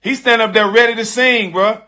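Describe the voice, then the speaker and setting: A middle-aged man telling a personal story in casual, animated talk, emotional and profane. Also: high voice, moderate pace. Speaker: storyteller guest.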